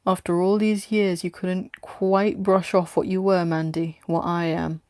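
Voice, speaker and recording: A woman's voice: on the low side, little pitch movement, measured pace, a little mellow, no echo, studio quality. A woman voicing a brash, taunting female hired tough from London in a read-aloud story. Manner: taunting, blunt.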